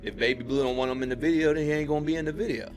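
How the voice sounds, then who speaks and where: A man from Pittsburgh, a podcast guest, telling a story in casual chat and acting out the quotes with his voice jumping up high. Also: rapid-fire, soft background music. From Pittsburgh, USA. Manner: animated retelling, acts out quotes with rising pitch.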